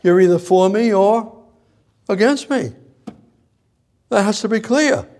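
A man preaching a sermon, halting and repeating himself, firing off rhetorical questions. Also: high-pitched, a little mellow.

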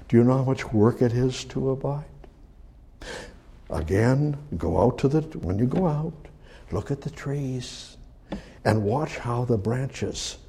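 A man preaching a sermon, reading scripture aloud and commenting on it, swinging from loud emphatic rises to hushed near-whispers. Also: mid-range voice, lively intonation, slow, husky. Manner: reads scripture aloud and comments between verses.

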